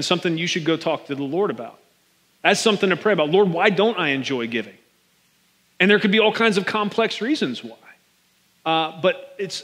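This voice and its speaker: A man preaching a sermon as pastor, conversational and animated, often calling his listeners "man". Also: high-pitched, big-room sound.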